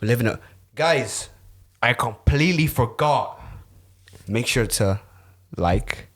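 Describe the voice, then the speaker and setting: A man's voice: medium pitch, animated, slow, a bit bright. A man co-hosting a podcast in loose, rambling, slangy casual chat. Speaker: podcast co-host.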